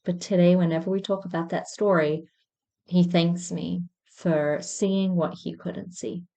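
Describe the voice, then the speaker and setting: A woman's voice: lowish voice, fairly even intonation, unhurried, creaky. A woman in her thirties, host of a podcast, candidly telling a personal story in a reflective monologue. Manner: candid, reflective, with soft self-mocking laughs.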